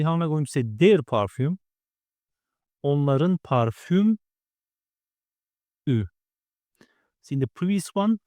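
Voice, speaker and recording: Man, language teacher, patient step-by-step explaining, slow repeated words, dry close sound. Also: mid-range voice, a little mellow, no echo. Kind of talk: grammar lesson.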